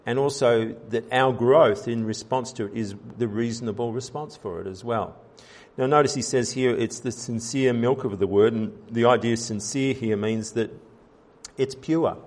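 Pastor, male, mid-pitched voice, preaching earnestly, halting with fillers and restarts, building emphasis on key points. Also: a little mellow. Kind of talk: sermon.

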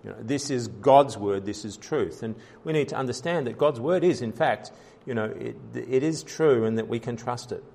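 A man's voice: mid-range voice, normal speed, creaky, hardly any pauses, warm tone. A man preaching a sermon as pastor, in an earnest style with frequent fillers, restarts and rising emphasis.

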